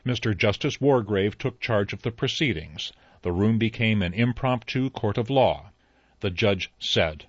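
A man narrating an audiobook in an even, unhurried storytelling manner. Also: lowish voice, husky, no room sound. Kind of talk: scripted narration. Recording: slightly dull dry recording.

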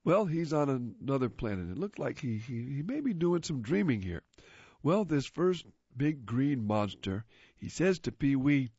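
A man's voice: medium pitch, very animated, unhurried, dark tone, husky, no room sound. A man reading a magazine aloud for a radio reading service, describing the pictures off the cuff in a casual way. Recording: muffled lo-fi recording.

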